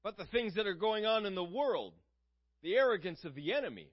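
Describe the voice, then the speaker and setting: A man's voice: high voice, expressive, fairly quick, dull audio. A man preaching a sermon in an earnest, conversational way, asking his listeners questions.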